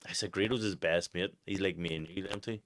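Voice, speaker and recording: A young man with a Northern Irish accent, telling stories in casual podcast chat, swearing freely and laughing loudly. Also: low voice, fairly even intonation, fast talker, no room sound. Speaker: podcast co-host, boxer.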